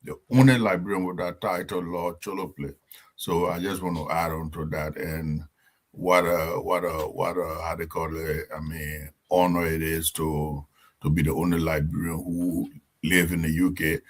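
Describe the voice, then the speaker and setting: Deep-voiced Liberian man on a talk show. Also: little pitch movement, normal speed. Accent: Liberian English. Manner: deep voice, hesitant with many fillers. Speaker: guest. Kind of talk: casual talk show chat.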